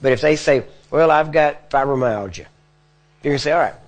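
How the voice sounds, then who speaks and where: A man's voice: medium pitch, a little fast. A man preaching to a live audience, teaching step by step in a plain conversational way and often checking in with his listeners. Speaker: preacher teaching healing prayer. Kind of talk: sermon. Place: church or meeting hall before a live audience.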